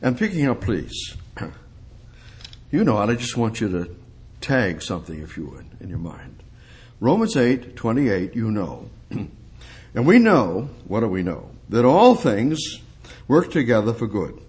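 A male preacher delivering a sermon, asking rhetorical questions and building up to emphatic, high-pitched peaks. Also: sing-song, measured pace, long pauses, darkish tone, husky.

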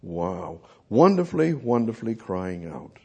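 Husky-voiced man preaching a sermon. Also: medium pitch, lively intonation. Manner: swings from loud pleading to quiet, drawn-out reading of scripture; rhetorical questions to the congregation.

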